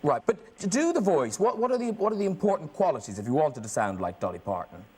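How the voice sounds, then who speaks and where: Speaking quickly in a fairly high, darkish voice, this middle-aged Irish chat show host is very animated. He keeps up playful banter, teasing and laughing a lot, while a studio audience and noise can be heard.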